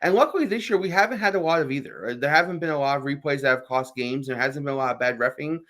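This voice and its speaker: Man, sports radio co-host, animated emphatic rant, quick delivery. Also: medium pitch. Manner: animated, emphatic ranting with frequent restarts. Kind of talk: casual sports talk.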